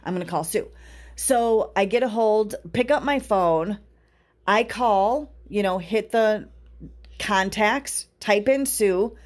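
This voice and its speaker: A woman's voice: mid-range voice, slow. Chatty woman host telling a story. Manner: chatty storyteller, often adds tag questions. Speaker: podcast host. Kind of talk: casual spiritual podcast monologue.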